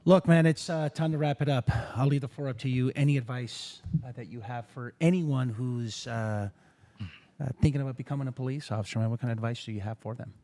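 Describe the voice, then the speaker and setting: Man, mid-pitched voice, casual podcast host, easygoing. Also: fairly quick, warm tone. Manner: casual, friendly, says "man" and "bro".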